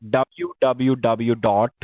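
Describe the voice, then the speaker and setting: A man's voice: mid-range voice, steady tone, extremely slow, dry recording. A man acting as a phone support agent, overly polite and apologetic, calling the listener ma'am again and again. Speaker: scam caller posing as tech support. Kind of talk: scripted support phone call. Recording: muffled phone line.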